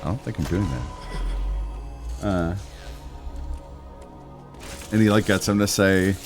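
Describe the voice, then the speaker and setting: A man co-hosting a game livestream, chatting casually and retelling comedy bits with quick jokes. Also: low voice, faint music behind. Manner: animated storytelling, quick jokes and laughter. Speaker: livestream co-host. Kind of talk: casual chat while streaming a game.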